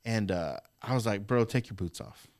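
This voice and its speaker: A man's voice: lowish voice, normal speed. A man co-hosting a podcast, telling a story in casual chat and acting out quotes with lots of swearing. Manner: animated, acts out quotes with swearing. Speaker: podcast co-host.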